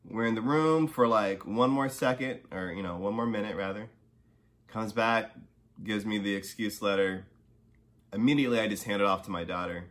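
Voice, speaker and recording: At a moderate pace, a man with a low-side, fairly bright voice hosts a podcast and shares a personal story. He chats casually with many "you know" and "right?" asides, growing heated when angry.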